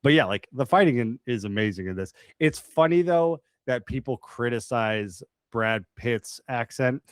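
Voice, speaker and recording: A man co-hosting a film podcast, relaxed and chatty, laughing often. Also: mid-range voice, moderate pace, clear, resonant tone, dry recording. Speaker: podcast co-host. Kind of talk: casual chat.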